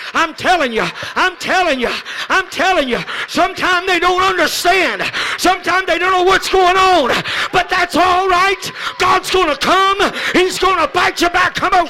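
A man preaching a Pentecostal sermon, moving from shouted calls to hushed storytelling, repeating phrases and speaking in tongues. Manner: swings from shouted exhortation to low hushed storytelling. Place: church service.

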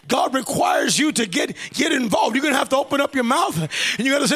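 A man preaching a sermon as pastor, fervent and building into shouted cries. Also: extremely high pitch, lively intonation, quick pace, hardly any pauses, slightly rough.

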